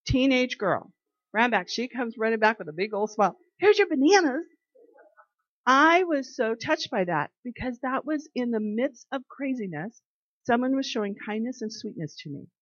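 A woman's voice: on the high side, highs cut off. Earnest woman giving a devotional talk. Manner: earnest and conversational, slows to stress key phrases. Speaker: Bible study leader. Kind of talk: informal devotional talk with storytelling.

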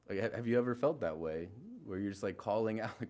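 Casual young male pastor, low-ish voice, informal sermon with lots of fillers and self-corrections. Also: fast talker, a little mellow. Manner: informal, filler-heavy, many restarts and trailing asides.

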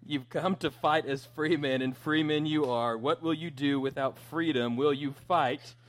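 A preacher playing a defiant medieval rebel leader roaring at his army before battle. Each line comes slow and loud, pitched a little higher, with a rousing, drawn-out swagger. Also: fairly even intonation, close to an everyday voice.

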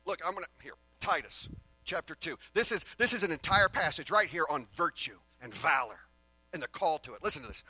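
Emphatic preaching man, bright voice. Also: on the high side, poor audio. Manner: swings between loud emphatic preaching and quiet earnest asides. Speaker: pastor. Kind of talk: sermon.

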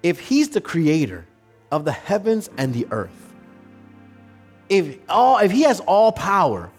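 During a church service, a male pastor preaches, telling stories with energy and often restarting his sentences. His voice sits high with a breathy edge, he speaks unhurriedly, and soft music plays in the background.

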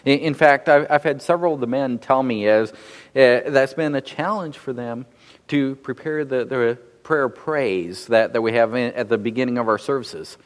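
A pastor preaching a measured sermon, often repeating words as he restarts phrases. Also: mid-range voice, in a large hall. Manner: measured, frequent word repetitions.

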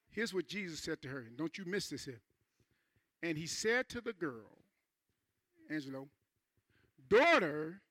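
A male pastor with a high, bright and dry voice preaches a sermon in a church sanctuary, with no echo. He uses call-and-response, repeats phrases and swings from quiet asides to loud emphasis, sounding folksy with words like "man" and "ain't."

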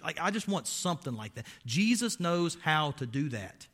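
A man's voice: a little high, very animated, normal speed, fairly bright tone, slightly rough. A man preaching a sermon as pastor, emphatic and quizzing his listeners with rhetorical questions, with folksy, wry asides.

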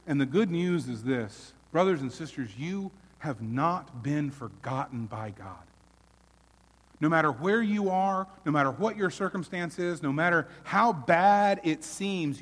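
A man preaching a sermon as pastor, earnest, swelling loud and then dropping almost to a hush. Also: fairly high pitch, in a large hall.

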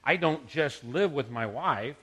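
A man's voice: mid-range voice, animated, measured pace, pushed and bright, slightly rough. A middle-aged man, a pastor, preaching a conversational sermon and mixing scripture with personal stories.

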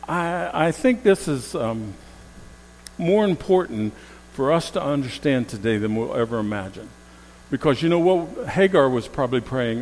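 A man's voice: medium pitch, expressive, moderate pace, a little mellow. A man preaching a sermon as a pastor, telling stories and acting out what people said, repeating key phrases for emphasis. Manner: storytelling, acts out quoted voices, rising emphasis on repeated phrases. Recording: long hall reverb.

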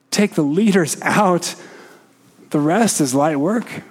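A man preaching a sermon in a slow, measured way with frequent pauses, sometimes putting questions to the congregation. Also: fairly high pitch, soft background music.

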